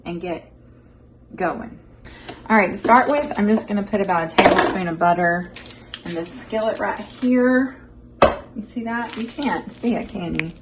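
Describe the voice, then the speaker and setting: Speaking with a fairly low voice at a measured pace, this cooking show host leaves long pauses as she chats folksily to "y'all" in her home vlog. The mic sits far away in her echoey kitchen, picking up a little hiss or hum. Loud clatter from dishes and pans fills the background.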